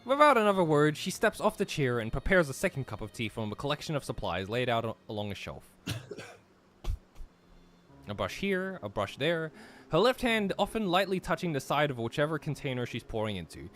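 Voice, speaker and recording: Young man, streamer, casual chat, reads narration aloud, fairly high voice, very lively pitch. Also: a little fast, soft background music. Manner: chatty, lots of fillers, reads narration at an even clip.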